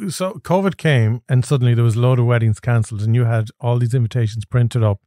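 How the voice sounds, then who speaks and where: A man's voice: mid-range voice, fast, dark tone, dry recording, clean studio sound. A man who hosts a podcast, asking short follow-up questions in a casual interview. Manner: brief prompts and follow-up questions. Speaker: podcast host.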